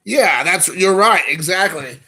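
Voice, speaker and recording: Gravelly, bright-voiced man chatting. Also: high voice, animated, unhurried. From Kentucky. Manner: rambling, joking, reading chat aloud. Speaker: live stream host. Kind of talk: casual live-stream chat with viewers.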